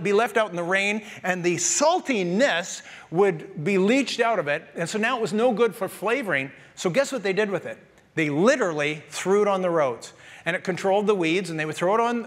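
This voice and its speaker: A Canadian pastor preaching a sermon to his congregation in a lively, conversational way, with jokes and asides to the people in the pews. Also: high-pitched, long reverb tail. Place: church sanctuary.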